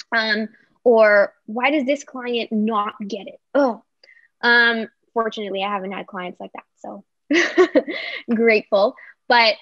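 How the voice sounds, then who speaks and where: Woman, mid pitch, podcast guest, animated, slightly dull dry recording. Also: no echo. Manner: animated, acting out example voices. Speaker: guest coach. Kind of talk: podcast interview. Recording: slightly muffled, dry sound.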